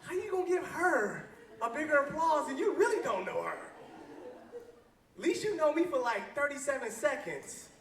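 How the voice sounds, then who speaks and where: A man with a very high, bright voice preaches as a youth pastor to a crowd of teens. He jokes and calls out to the room for answers. His voice sounds roomy and distant, picked up from across an echoing church hall. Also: very animated, moderate pace. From Flint, Michigan. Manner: playful, call-and-response, often laughing. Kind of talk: joking youth sermon.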